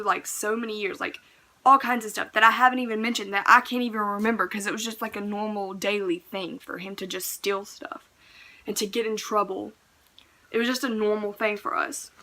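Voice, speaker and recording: A young woman vlogger telling a personal story in casual chat, full of fillers, swinging from hushed asides to loud outbursts. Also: medium pitch. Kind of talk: storytime vlog.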